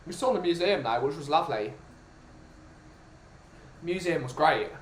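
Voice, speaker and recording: A man's voice: a little high, animated, slight background noise. Rambling British man chatting casually. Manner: rambling, halting restarts. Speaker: podcast host. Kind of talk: casual chat. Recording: roomy with music behind.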